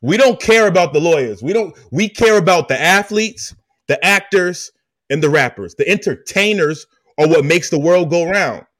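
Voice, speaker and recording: A man hosting a podcast, telling a personal story in an animated, emphatic way and talking straight to his listeners with slang. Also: high voice, moderate pace, dry recording, studio quality. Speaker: podcast host. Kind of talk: casual storytelling chat.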